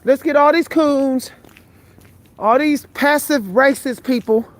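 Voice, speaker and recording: A vlogger in her forties walks outdoors at night filming on her phone, speaking slowly in a high voice. Tired and breathless, she talks to her viewers live, blunt and profane.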